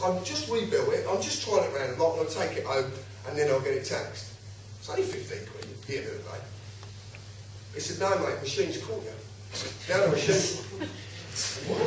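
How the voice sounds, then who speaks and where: Bloke telling a story, high lively voice, swears a lot, sounds far off in a big echoey room. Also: male voice, fairly quick, pauses often. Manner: animated, swearing, acts out other voices. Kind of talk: casual anecdote to an audience. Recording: echoey room, distant from the mic, faint noise.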